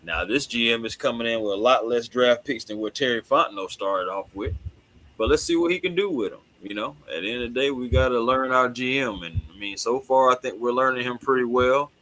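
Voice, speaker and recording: Bright-voiced laid-back man talking sports. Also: medium pitch, fairly quick, poor audio. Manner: laid-back, slangy, agreeable. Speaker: sports show co-host. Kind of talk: casual sports talk.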